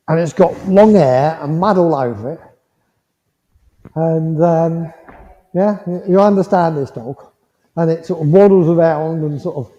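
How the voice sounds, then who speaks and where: A gentle, reassuring man gives a mediumship demonstration, his voice high and dark in tone. The sound is dull and muffled, and it rings with the long reverb of a village hall. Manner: gentle, reassuring, checks in with "yeah?" often.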